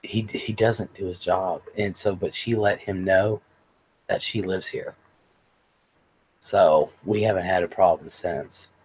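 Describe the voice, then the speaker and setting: A man with a husky, slightly breathy voice sitting low in his range hosts a laid-back livestream. He rambles through stories, swearing freely as he chats with his viewers. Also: fairly even intonation, slow pace, darkish tone, poor audio. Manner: rambling, profane storytelling. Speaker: livestream host. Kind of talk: casual livestream chat.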